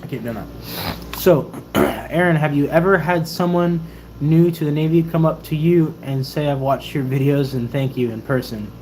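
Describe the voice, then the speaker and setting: A young man in his twenties, a Navy sailor and YouTuber, casually telling stories in a livestream Q&A and acting out other people's excited voices. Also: on the high side, normal speed, slight background noise. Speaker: YouTuber and Navy sailor answering viewer questions.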